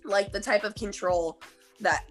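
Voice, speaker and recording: A woman's voice: mid-range voice, fairly bright tone. A young woman co-hosting a podcast, explaining earnestly in casual chat with many fillers and casual swearing. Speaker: podcast co-host.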